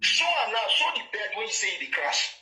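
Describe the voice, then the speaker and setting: Nigerian Pidgin-accented man, boastful confrontational rant to camera, very bright sharp voice. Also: high voice, very animated, a little fast, reverberant, rough recording. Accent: Nigerian Pidgin English. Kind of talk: heated monologue rant to camera.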